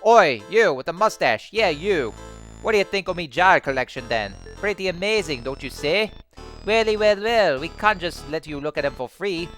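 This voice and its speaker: A man voicing a boastful male ghost who collects jars, in a rough put-on Scottish accent, taunting and sing-song. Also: fairly high pitch, lively intonation, moderate pace, a bit bright, soft background music, voice pushed up. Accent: put-on Scottish-style accent, said to be bad. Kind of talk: let's play voice acting.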